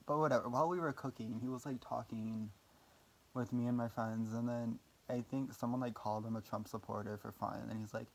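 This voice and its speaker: A man's voice: mid-range voice, darkish tone. A young man telling a personal story in a casual vlog, rambling with lots of fillers, swearing casually and making fun of himself. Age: young adult. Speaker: vlogger.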